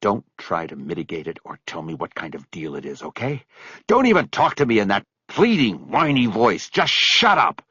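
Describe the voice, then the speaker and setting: A man voicing a middle-aged man who talks in a curt, forceful way, close to his own low voice. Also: sing-song, normal speed, slightly rough, dry recording, lo-fi sound, full character voice. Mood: angry. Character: angry, clipped middle-aged man holding back rage.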